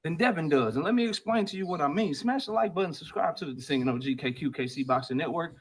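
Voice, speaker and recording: A man's voice: on the high side, expressive, quick pace, rough recording. A man talking boxing on his own channel, brash and trash-talking, played as a clip. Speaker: boxing commentator in clips.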